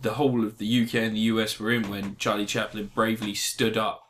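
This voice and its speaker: A man co-hosting a casual film review podcast, excitable and jokey, laughing and swearing often. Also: fairly low pitch, fairly quick, a little hiss or hum. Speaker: podcast co-host.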